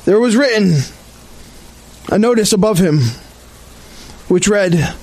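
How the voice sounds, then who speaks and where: Man, pastor, high voice, slow solemn liturgical reading, outdoor service. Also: lively intonation, a little mellow, poor audio.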